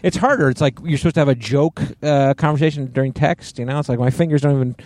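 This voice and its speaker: Man in his 40s, podcast co-host, blunt dry delivery, mid-pitched, dead dry mic. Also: fast talker, a little mellow, dry recording. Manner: dry, blunt, swears casually. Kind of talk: casual chat.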